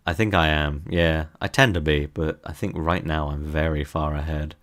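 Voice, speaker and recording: A man's voice: very deep voice, fairly even intonation, a little slow, fairly bright tone. A young man streaming from his desk, teasing his chat in a playful, casual way.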